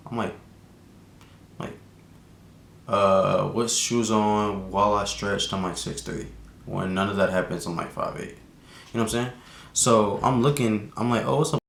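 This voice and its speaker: A man's voice: lowish voice, creaky, fairly bright tone, reverberant. A young man vlogger telling a casual storytime, rambling and laid-back, full of slang and restarts. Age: young adult.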